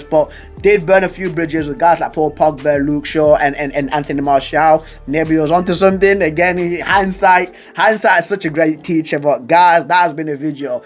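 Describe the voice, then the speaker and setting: A young man chats to camera as a football vlogger, his voice sitting a bit high for a man. He rambles, stutters and drifts into giggly tangents, calling the audience bro and fam. Faint music plays behind him. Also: fairly even intonation, normal speed, few pauses. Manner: slangy, calls viewers bro and fam. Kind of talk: casual chat to camera.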